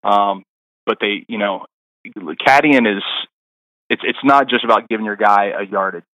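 A man's voice: on the low side, normal speed, sharp tone, dry recording, highs cut off. A middle-aged man, a caddie guest on a podcast, telling stories in a rambling casual way, full of fillers and restarts. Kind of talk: casual interview storytelling.

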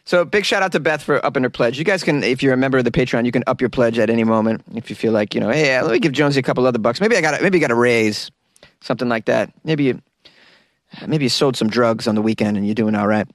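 A man's voice: medium pitch, quick pace, no echo. A man hosting a podcast from a small closet studio, chatting casually in a joking, rambling way. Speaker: podcast host. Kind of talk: casual chat.

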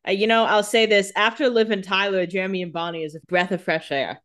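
A woman's voice: mid-range voice, steady tone, quick pace, fairly bright tone. A woman co-hosting a casual podcast, making wry, joking asides and laughing often. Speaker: podcast co-host. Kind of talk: casual chat.

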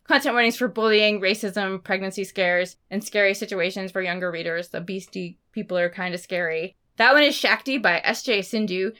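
A woman co-hosting a book podcast, chatting casually and talking about books in an excited, expressive way. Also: medium pitch, fairly quick, few pauses, smooth. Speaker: podcast co-host.

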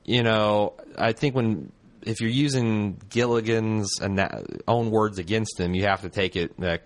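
A man's voice: fairly low pitch, fairly even intonation, measured pace. A man hosting a podcast, reading listener mail and chatting casually; he swears freely and often trails off and restarts. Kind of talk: casual chat.

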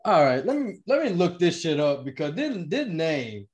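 A man's voice: on the high side, very animated, normal speed, husky. A man hosting a casual podcast, laid-back and profane as he leads each segment. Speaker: podcast host. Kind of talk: casual chat.

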